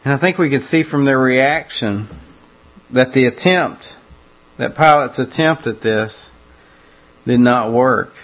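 A man's voice: mid-range voice, a little slow, long pauses, lo-fi sound. A man preaching a conversational sermon that walks through a scripture passage, often repeating words as he restarts his phrases.

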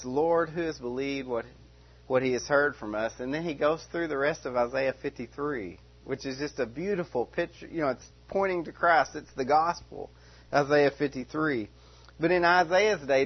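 A man with a slightly high voice teaches scripture verse by verse, earnest and repetitive, with frequent rhetorical questions. The recording sounds dull and lo-fi. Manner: earnest, repeats and restarts phrases, asks rhetorical questions. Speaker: Bible teacher.

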